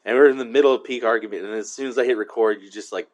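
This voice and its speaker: A man's voice: mid-range voice, fairly even intonation, very fast, a little hiss or hum. A man co-hosting a podcast in casual chat, teasing and sarcastic, swearing as he needles his co-host.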